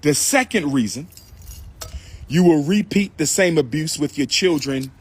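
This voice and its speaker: A man's voice: fairly high pitch, lively intonation, measured pace, slightly rough. A man hosting a live stream, lecturing his viewers in a preachy, repetitive way and calling on them to respond. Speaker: livestream host and lecturer.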